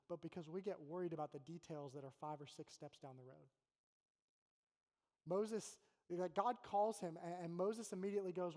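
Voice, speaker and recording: A man's voice: sits high, mellow. Preaching man in a reverberant hall. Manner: conversational preaching, quoting God and Moses with rising intensity. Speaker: college pastor. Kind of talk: sermon. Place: church auditorium.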